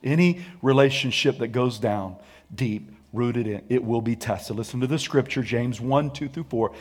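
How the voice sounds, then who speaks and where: A man preaching a sermon, leading the congregation in call-and-response and swinging from hushed to shouted lines. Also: mid-range voice, normal speed, husky. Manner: sings and hums snatches of a song. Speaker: pastor.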